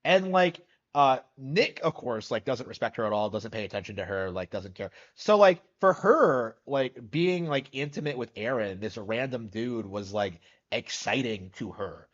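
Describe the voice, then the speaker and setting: A man's voice: medium pitch, expressive, normal speed, few pauses, lo-fi sound. A man reacting on a live stream, skeptical and incredulous, rambling with lots of fillers.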